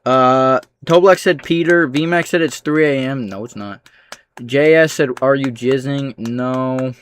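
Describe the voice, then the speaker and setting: A man livestreaming, reading out chat comments with dry, sarcastic replies and low-key asides. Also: measured pace, clear, resonant tone.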